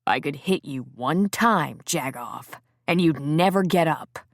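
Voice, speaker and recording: A big, protective man played by a woman narrator who talks low and quiet, with a snarl under it. Her voice sits lower and softer than her narration. The recording is close and dry. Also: animated, a little slow, dry recording, heavily acted. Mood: menacing. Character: big, protective man, menacing when angry.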